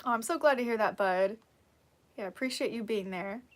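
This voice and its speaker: A woman's voice: a little high, normal speed. A woman hosting a casual live stream who reads out viewer comments, encouraging and laughing often, sleepy and yawning.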